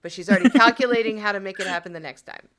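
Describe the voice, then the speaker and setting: A woman's voice: mid-range voice, very fast, a bit bright. A woman player in a tabletop role-playing game, narrating her character's actions in a playful storytelling way.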